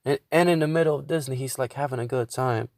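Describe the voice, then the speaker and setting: A man's voice: mid-range voice, fast talker, darkish tone, no echo, clean studio sound. A man hosting his own podcast, venting in a casual monologue with a lot of swearing and stumbling restarts. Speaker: podcast host.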